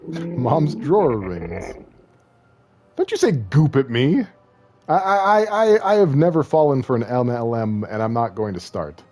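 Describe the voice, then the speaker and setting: A man's voice: mid-range voice, expressive, unhurried, darkish tone, faint music behind. A man streaming a video game, chatting casually and joking, rambling and slipping into silly voices. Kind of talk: casual gaming livestream commentary.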